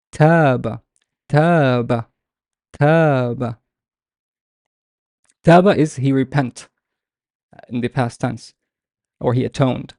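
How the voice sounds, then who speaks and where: A young man with a warm, medium-pitched voice patiently walks beginners through Arabic letters in a live online lesson, repeating example words at a slow pace. The audio is studio quality, with no room sound.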